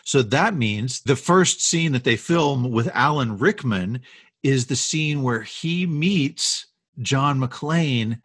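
Man, podcast co-host, husky voice, dry close sound, eager storyteller. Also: medium pitch, takes it slowly, no room sound. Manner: enthusiastic storyteller, animated retellings. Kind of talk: casual chat telling film history.

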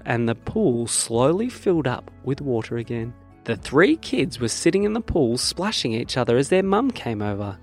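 A man narrating a children's bedtime story in a lively, animated way. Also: medium pitch, moderate pace, faint music behind. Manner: lively storytelling that swings from bright to hushed.

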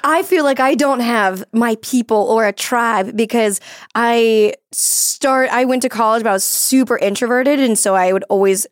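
Bubbly, higher-pitched woman, dry close sound. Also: normal speed, no echo. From Florida, US. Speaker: podcast host. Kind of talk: casual comedic chat.

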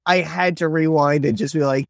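A man co-hosting a casual podcast, reviewing a bad movie with quick, laughing, hyperbolic talk. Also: on the high side, steady tone, creaky. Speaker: podcast co-host.

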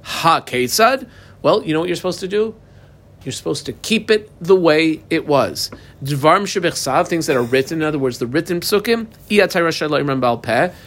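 A man giving a text study lesson, reading a passage aloud and then explaining it phrase by phrase in a conversational way, with pauses and rhetorical questions. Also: fairly high pitch, a bit bright. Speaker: religious text teacher.

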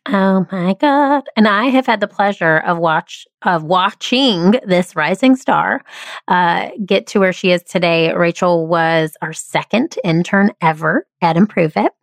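A woman's voice: fairly low pitch, unhurried, gravelly, no echo. A woman hosting a podcast, talking in an upbeat, effusive way as she welcomes her guest. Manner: enthusiastic, effusive. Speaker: podcast host.

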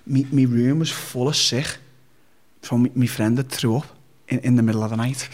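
A Liverpool man, appearing as an interview guest, tells a personal story in a blunt, sweary, rambling way. His voice sits at medium pitch with a steady, darkish tone and a moderate pace. It's casual storytelling.

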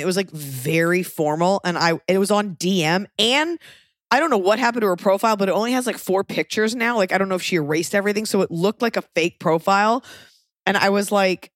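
A young woman hosting a podcast, telling stories in a wry, animated way with acted-out quotes. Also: medium pitch, brisk, dry recording, clean studio sound. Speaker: podcast host. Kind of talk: casual chat.

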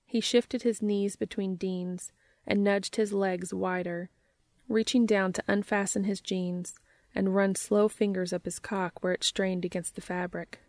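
A woman reading a story aloud in steady, measured narration. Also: mid-range voice, no echo, studio quality. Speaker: reader.

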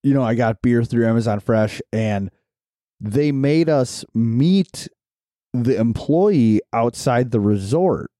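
Dark-voiced man telling a rambling story. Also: medium pitch, lively intonation, takes it slowly, no echo, clean studio sound. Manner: rambling, filler-heavy storytelling. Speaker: podcast co-host. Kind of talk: casual storytelling chat.

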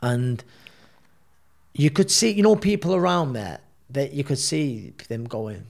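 A man's voice: medium pitch, normal speed, creaky. Rambling man telling a story. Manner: rambling, animated retelling with many fillers. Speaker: guest, boxer. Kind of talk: storytelling in a podcast interview.

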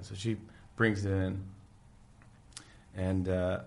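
A man's voice: fairly low pitch, moderate pace, creaky. A man guest on a podcast, chatting casually and acting out scenes as he retells them. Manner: animated storyteller acting out scenes. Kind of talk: casual chat.

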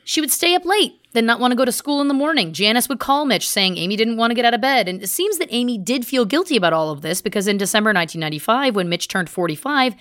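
A woman's voice: a little high, expressive, quick pace, few pauses, a bit bright, no echo, clean studio sound. A woman podcast host recounting research in a chatty, casual way, full of asides. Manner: chatty, speaks in asides and restarts. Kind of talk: casual storytelling chat.

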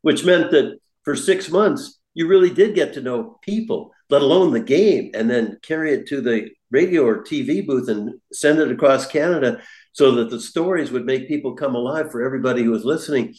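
Speaking at a moderate pace in a mid-range voice, this former baseball broadcaster, now an older man, shares stories in a podcast conversation. The sound is reverberant, and he comes across warm, laughing readily as he goes.

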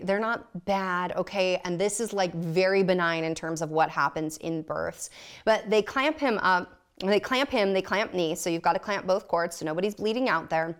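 A woman's voice: medium pitch, clear, resonant tone. A woman guest on a podcast telling a personal story candidly, blunt and self-mocking, often laughing.

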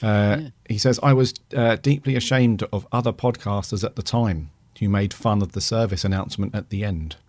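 A low-voiced man co-hosts a fan podcast, reading out listener reviews in an easygoing manner with plenty of ums and uhs. The recording is dry and close. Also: a little fast, no room sound. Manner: relaxed, reads aloud with fillers. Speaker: podcast co-host.

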